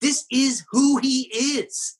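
Key phrases draw this male preacher into a slower, lower register as he delivers his sermon with earnest emphasis. He speaks huskily and adds wry asides.

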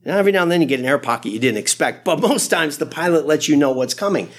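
A man who is a pastor, preaching a sermon in an animated, conversational way with frequent asides. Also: a little high, quick pace.

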